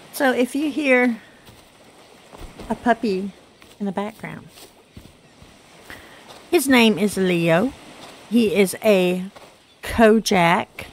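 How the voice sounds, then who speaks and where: A woman in her thirties with a Southern US accent, chatting casually through gameplay, her voice rough from congested sinuses. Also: mid-range voice, a little hiss or hum. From Southern United States. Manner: chatty, rambling, self-deprecating with fillers. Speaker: gaming channel host.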